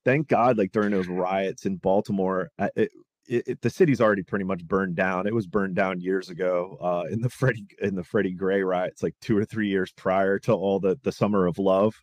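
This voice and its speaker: Low-voiced man ranting, profane. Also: steady tone, normal speed, dry recording. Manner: heated, profane, rambling. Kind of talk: casual political chat.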